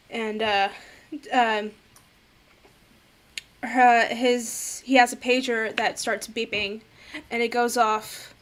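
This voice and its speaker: A woman's voice: a little high, little pitch movement, slow, pauses often, a bit bright. A woman narrating as game master for a tabletop game, rambling with lots of fillers. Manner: rambling, many fillers, laughs easily.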